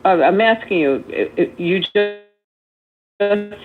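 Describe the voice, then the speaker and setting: A man's voice: high-pitched, expressive, measured pace, music in the background. A man in a political debate who keeps pressing the other side with challenging questions. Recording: tinny phone line with faint noise.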